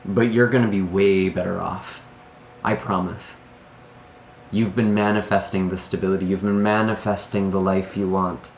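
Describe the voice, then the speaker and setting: A man's voice: sits low, level tone, moderate pace, slight background noise. Earnest, sighing man reading tarot. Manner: earnest and emotional, sighs often between thoughts. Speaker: tarot reader. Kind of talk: solo tarot reading to camera. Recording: echoey room.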